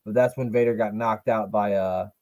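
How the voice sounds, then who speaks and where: A man's voice: on the low side, steady tone, normal speed, a little mellow. A man co-hosting a wrestling podcast, chatting casually, joking and swearing now and then. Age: adult, watched as a child in 1995. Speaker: podcast co-host. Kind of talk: casual chat watching wrestling.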